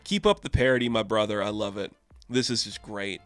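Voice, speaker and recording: A man's voice: lowish voice, a little fast, dry recording. A man reviewing a comic book in a casual, sarcastic way, acting out the characters' lines in goofy voices. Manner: animated, sarcastic, acts out quotes in silly voices.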